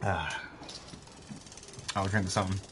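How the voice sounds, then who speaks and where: A man's voice: deep voice, fairly even intonation, normal speed, noisy background. A man streaming a game, chatting casually and joking, swearing freely and talking to the screen. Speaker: gaming streamer. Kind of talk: casual let's-play commentary. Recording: game music loud behind the voice. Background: game music.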